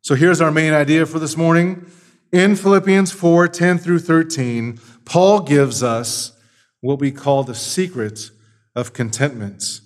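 A man's voice: fairly high pitch, unhurried. A man preaching a Sunday morning sermon, teaching through a Bible passage with emphatic repetition. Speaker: pastor.

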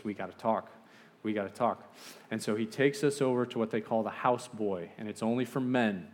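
A man giving a sermon as a missionary preacher, telling a story with acted-out voices and ending in a quiet prayer. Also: on the low side.

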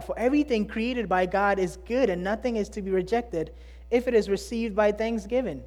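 A preacher giving a sermon in a mid-pitched voice, pressing hard on key words. The delivery keeps rising into pointed rhetorical questions and then dropping to a hush. It sounds earnest and driving. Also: normal speed. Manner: emphatic, asks rhetorical questions, swings between loud and hushed.

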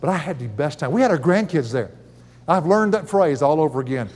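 Folksy older preacher, high voice. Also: male voice, sing-song, fairly quick, a little mellow, long reverb tail. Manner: folksy, chuckling storyteller. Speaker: Bible teacher. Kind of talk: sermon with personal stories.

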